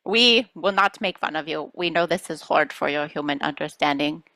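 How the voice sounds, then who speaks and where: A woman speaks for a playful group of star beings during a channeling session, calling listeners children, lightly scolding and reassuring them. Her voice is deep, her speed normal, and the recording has no room sound.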